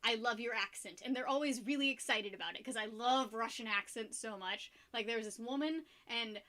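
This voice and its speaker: Chatty bright-voiced young woman. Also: fairly high pitch, fairly quick. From United States. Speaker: streamer. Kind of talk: casual chat with viewers while painting.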